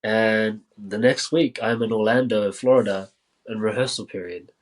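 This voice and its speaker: Poor audio captures a man from New Zealand guesting on a podcast. He narrates a story in a relaxed way, using many fillers and bringing quoted dialogue to life, with a fairly low pitch and moderate pace.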